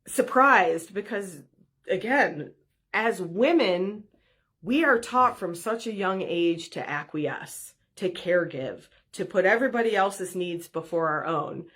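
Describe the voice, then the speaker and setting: A woman's voice: mid-range voice, a bit bright. Chatty woman podcast host. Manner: chatty, many "like"s, laughs while telling stories. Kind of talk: casual storytelling monologue.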